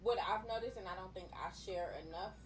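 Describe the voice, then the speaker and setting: A woman's voice: mid-range voice, brisk, far from the mic, a crowd in the background, rough recording. A woman hosting a podcast interview, talking frankly and casually, laughing often and swearing freely. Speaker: podcast host.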